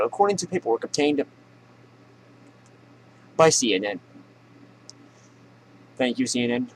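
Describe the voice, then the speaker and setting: A man's voice: medium pitch, slight background noise, poor audio. A man hosting a comedy news show, ranting sarcastically and profanely and laughing at his own jokes.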